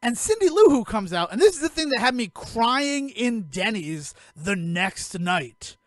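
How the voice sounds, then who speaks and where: A man co-hosting a podcast, retelling a film in a rambling, animated way and acting out the characters' lines. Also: very high-pitched, measured pace, no echo, studio quality. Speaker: podcast co-host. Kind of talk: casual movie review chat.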